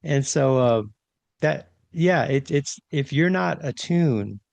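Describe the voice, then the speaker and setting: A man co-hosting a podcast, talking through leadership ideas in a reflective, animated way and often checking in with "right?". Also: medium pitch, slow pace, vocal fry, no room sound. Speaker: podcast co-host, leadership trainer. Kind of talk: casual conversational podcast talk.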